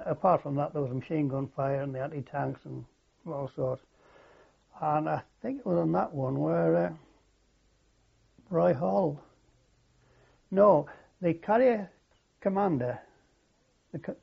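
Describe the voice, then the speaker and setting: Older man, gravelly and husky, lo-fi tape. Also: fairly high pitch. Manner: halting, reflective, many fillers and restarts. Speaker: war veteran interviewee. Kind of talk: oral history interview. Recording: dull lo-fi recording.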